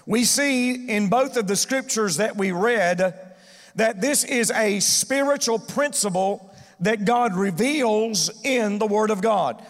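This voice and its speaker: A man's voice: high-pitched, takes it slowly, big-room sound. A male pastor preaching a sermon, calling on the congregation to answer back and repeat his words. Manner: preaching with call-and-response to the congregation. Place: church sanctuary.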